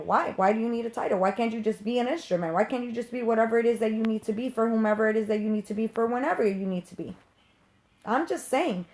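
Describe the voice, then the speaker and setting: A woman's voice: a little high, a little fast. A woman who works as a medium and teaches others, ranting to viewers in an unscripted live stream, passionate, blunt and emphatic, with casual swearing.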